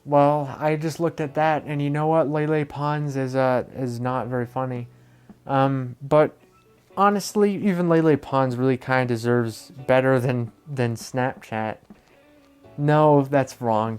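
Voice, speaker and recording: A mid-pitched vlogger riffs through casual reaction commentary, sarcastic and meandering. He swears freely and often undercuts his own points. Faint music runs under his voice. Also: a little mellow, clean tone. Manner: rambling, sarcastic, swears freely, self-deprecating. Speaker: commentary YouTuber.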